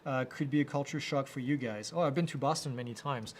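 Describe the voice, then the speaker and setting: Casual, halting man answering live questions. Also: mid-range voice, slight background noise. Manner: casual, halting, many fillers and restarts. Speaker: host answering viewer questions. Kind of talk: live Q&A chat.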